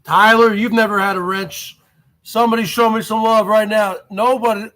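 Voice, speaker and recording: A man hosting his own online show, delivering a loud, mocking rant to his viewers and repeating phrases over and over. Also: high-pitched, steady tone, moderate pace. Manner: mocking, loud and repetitive, often addresses "folks". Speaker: YouTube show host. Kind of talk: ranting commentary to viewers.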